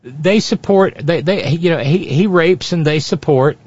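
A man's voice: on the high side, unhurried, darkish tone, husky, no room sound. A man hosting a sarcastic political commentary show, with mocking asides. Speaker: host. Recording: dry, dull lo-fi sound.

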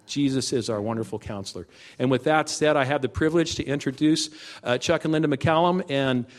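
A man's voice: medium pitch, a little fast. A man giving an earnest, emotional personal testimony at a church service, then introducing the next speakers.

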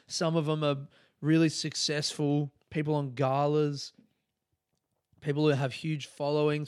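A man's voice: on the high side, a little mellow, smooth, dry recording, studio quality. A man, a comedian hosting his podcast, telling meandering, profane, nostalgic stories in a casual monologue.

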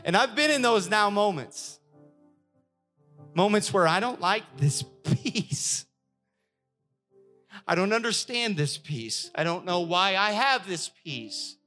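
Young guy pastor preaching, pretty high bright voice, slow, acts out little voices. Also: soft background music. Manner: animated, acts out voices of God and worshippers. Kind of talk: sermon.

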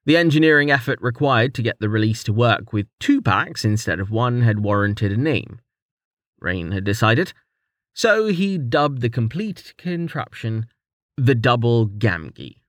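A man reading a fantasy novel aloud as audiobook narrator, in lively storytelling narration. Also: medium pitch, measured pace, no room sound, studio quality. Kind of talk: scripted narration.

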